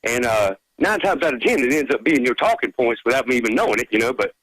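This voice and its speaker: A man's voice: mid-range voice, animated, fast talker, fairly bright tone, no echo, poor audio. A man from Georgia calling in to a radio show, talking casually and hesitantly with many fillers. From Georgia, United States. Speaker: caller. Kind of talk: casual phone-in chat.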